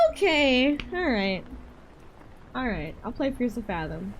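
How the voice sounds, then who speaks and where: Brief: Southern woman streamer from Georgia, chatty and playful, bright high voice swinging all over. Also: very animated, measured pace, heavy background noise. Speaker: livestreamer. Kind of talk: casual livestream chat, tarot readings.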